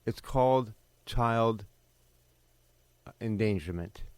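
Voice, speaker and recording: A man's voice: on the low side, slow pace, darkish tone, no echo. A man recounting his own past in an unscripted personal testimony, in a bitter, emphatic way. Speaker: personal storyteller.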